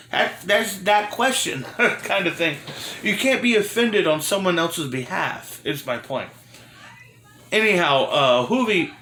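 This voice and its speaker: A man's voice: mid-range voice, sharp tone, roomy sound. Rambling man reviewing old wrestling. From Florida. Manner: rambling, many fillers and restarts, frank. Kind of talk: casual review monologue.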